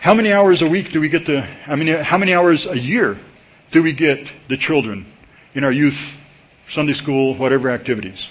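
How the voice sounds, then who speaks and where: Man, husky voice, pastor preaching at a church service, conversational sermon, pitch leaps when excited, dull lo-fi recording. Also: moderate pace.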